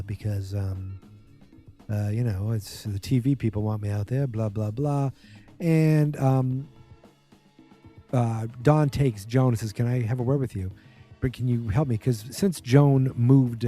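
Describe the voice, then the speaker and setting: A man hosts a podcast and recaps a TV episode in a loose, rambling way, tossing in quick acted-out quotes. His voice is mellow and darker in tone, at a middling pitch. Faint music plays behind him. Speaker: podcast host.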